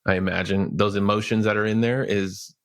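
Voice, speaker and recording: A man's voice: fairly low pitch, steady tone, brisk, a bit bright. A man hosting a podcast interview, casual and affirming, thanking his guest and pointing listeners to the show notes. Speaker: podcast host. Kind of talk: conversational interview.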